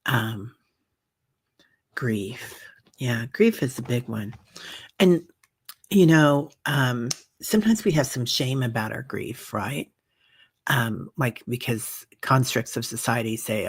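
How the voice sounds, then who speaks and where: Woman host, gentle chatty comment-reader, slightly husky, dry close sound. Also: rumbling low, no echo. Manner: gentle, soothing, many fillers and soft asides. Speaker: meditation group host. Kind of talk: casual livestream chat reading viewer comments.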